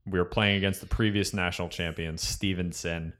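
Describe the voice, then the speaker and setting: A man's voice: deep voice, brisk. A young man chatting casually as a podcast co-host, telling sports stories and swearing freely. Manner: storytelling, swears freely, animated when retelling. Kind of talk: casual chat.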